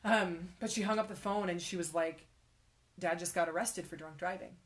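Soft-spoken young woman telling her story. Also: lowish voice. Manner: emotional, halting, many fillers, drops to a whisper. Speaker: guest sharing her faith story. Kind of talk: personal testimony in conversation.

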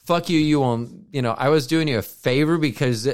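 Smooth and a little mellow, this male podcast co-host speaks at medium pitch and moderate pace. He chats casually, rambling through stories with many asides and restarts.

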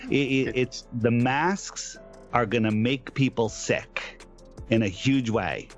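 A man's voice: mid-range voice, takes it slowly, highs cut off, faint music behind. A man telling an anecdote on a talk show, acting out the people in his story. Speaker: guest.

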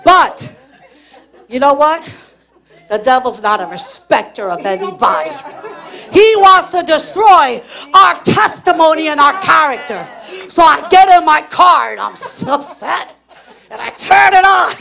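Lady pastor w a high voice, preaching and telling stories, laughs a lot, gets loud. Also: unhurried, creaky, some chatter behind. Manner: animated, laughing, bursts into shouts. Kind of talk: sermon with personal storytelling.

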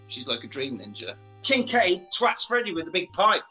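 A man with a high, bright voice recaps a film in a casual, comic way. He talks animatedly and swears freely. He keeps slipping into silly voices for the characters, over a bed of faint music. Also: moderate pace, low-quality recording. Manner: animated, sweary, acts out lines in funny voices. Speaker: podcast host recapping a film.

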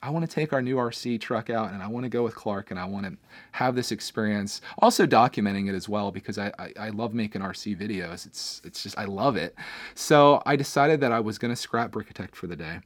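A man's voice: fairly low pitch, brisk, no echo. Candid man rambling in a dry studio. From Pennsylvania, USA. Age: adult, father of a young son. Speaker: YouTuber hosting his own podcast. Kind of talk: casual personal podcast monologue.

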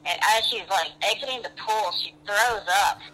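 A man's voice: high-pitched, normal speed, bright, forceful tone. A man calling in to a radio show, rambling through a story with many fillers, heard over a phone line. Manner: rambling, lots of "I was like" and "uh". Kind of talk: casual storytelling.

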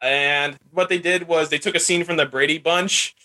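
A man's voice: fairly high pitch, steady tone, normal speed, bright, forceful tone. A man hosting a casual chat show, rambling and laughing as he retells scenes. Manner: chatty, laughs while retelling scenes in put-on voices. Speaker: podcast host.

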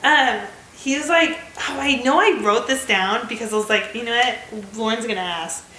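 A woman's voice: fairly high pitch, moderate pace, bright, forceful tone, reverberant, slight background noise, rough recording. A woman in her twenties with an American accent, co-hosting a casual podcast chat, talking loosely with lots of filler words. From United States. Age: 20s. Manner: chatty, many fillers. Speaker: podcast co-host.

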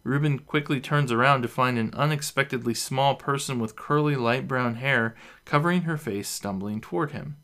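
A man narrating a fantasy story in a steady, even storytelling manner. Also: medium pitch, moderate pace, few pauses. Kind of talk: audiobook story reading.

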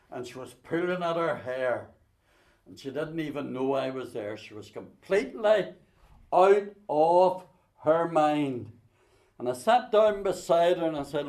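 A man preaching a sermon, booming out scripture, then dropping to a hush to tell a story. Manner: swings between loud emphatic scripture quoting and soft hushed storytelling.

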